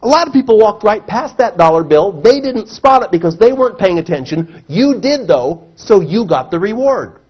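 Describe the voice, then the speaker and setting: A man giving a seminar talk to a live audience, animated and acting out the voices he quotes. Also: normal speed, few pauses, slightly rough. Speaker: motivational speaker. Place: seminar room. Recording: muffled low-fidelity recording.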